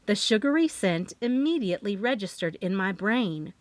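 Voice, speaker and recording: A woman narrating a first-person mystery audiobook in an expressive, lively storytelling manner. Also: medium pitch, a little slow, no room sound.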